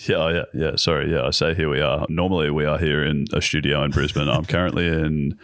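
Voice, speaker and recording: A man's voice: extremely low pitch, steady tone, a little fast, a bit bright, dry recording, studio quality. A man co-hosting a casual podcast remotely, laid-back and rambling, laughing often. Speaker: podcast co-host. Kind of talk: casual podcast chat over a remote call. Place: holiday spot on an island, recording remotely.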